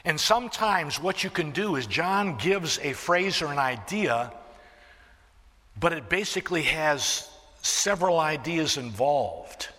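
A man preaching a sermon, swinging from hushed near-whispers to loud emphatic declarations and quoting scripture. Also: on the high side, animated, a little slow, in a large hall. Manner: restarts and fillers, quoting scripture.

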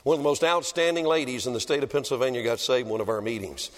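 A male evangelist preaching a revival sermon in a church, swinging dramatically between shouting and hushed tones. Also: medium pitch, expressive, fast. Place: church building. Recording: long reverb of a large hall.

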